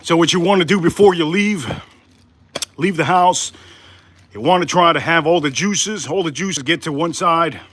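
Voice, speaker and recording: A man's voice: a little high, moderate pace, fairly bright tone, no room sound. A man hosting a casual live cooking stream from his home kitchen, out of breath from crouching while he talks to his viewers. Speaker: livestream cooking host.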